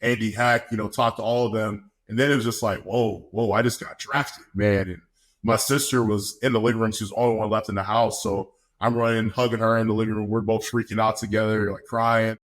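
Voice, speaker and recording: A young man with a fairly low voice tells a story in a loose, chatty way. He laughs often and acts out what others said. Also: level tone, fairly quick. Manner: laid-back, laughs often, acts out quotes. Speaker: podcast guest, football player. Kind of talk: casual storytelling.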